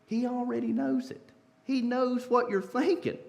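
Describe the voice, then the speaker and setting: Preacher guy, high voice, gets real fired up then drops way down soft. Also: steady tone, a little slow, creaky. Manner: impassioned, builds to loud climaxes, drops to soft quoted pleas. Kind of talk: sermon. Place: church sanctuary.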